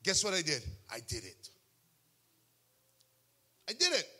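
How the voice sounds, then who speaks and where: Guy preaching, high bright voice, animated storytelling with shouty bursts. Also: a little slow. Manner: acts out other people's words in quotes. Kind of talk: sermon testimony.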